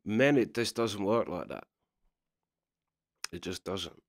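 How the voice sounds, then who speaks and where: Low-voiced bloke ranting. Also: male voice, sing-song, takes it slowly, no room sound, clean studio sound. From England. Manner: chatty, keeps asking "do you know what I mean". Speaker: reaction commentator. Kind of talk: casual opinion commentary.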